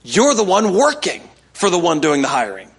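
High-voiced male pastor preaching. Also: wildly swooping pitch, moderate pace, slightly rough. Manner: conversational, coaxing the congregation to respond. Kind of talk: sermon.

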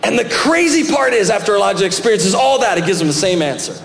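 A man's voice: high voice, very animated, fast, vocal fry, fairly bright tone. A male pastor preaching a sermon and reading scripture aloud, rising into emphatic bursts. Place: church sanctuary. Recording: echoey church hall with long reverb.

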